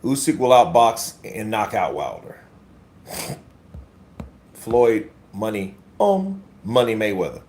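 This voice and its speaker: A man's voice: fairly low pitch, sing-song, slow, long pauses, a little mellow. A man hosting casual boxing commentary on a livestream, blunt and profane, talking to his chat as bro.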